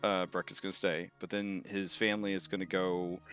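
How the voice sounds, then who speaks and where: A man narrating as game master of a tabletop role-playing game, animated and often laughing. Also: sits low, brisk, faint music behind.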